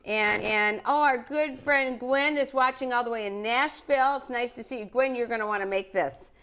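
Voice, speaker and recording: A middle-aged woman's bright, forceful voice sits on the high side, clear and resonant, at a moderate pace. She is a cooking show host doing a live, casual program in her living room, talking cheerfully with children and viewers.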